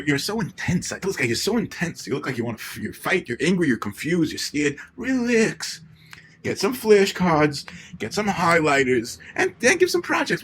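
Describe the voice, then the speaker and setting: A man's voice: a little high, a little hiss or hum. A man doing a comic monologue as a rabbi giving marriage advice, rambling and stammering. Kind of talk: comedic monologue in character.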